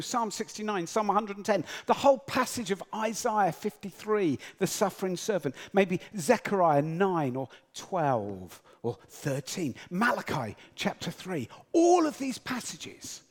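Animated British man preaching. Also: high voice, in a large hall. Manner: storytelling, animated, acts out quotes. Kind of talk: sermon.

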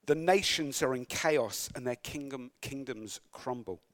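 A man's voice: medium pitch, unhurried. A man preaching a sermon, reading scripture aloud and breaking into conversational, wry asides and self-corrections.

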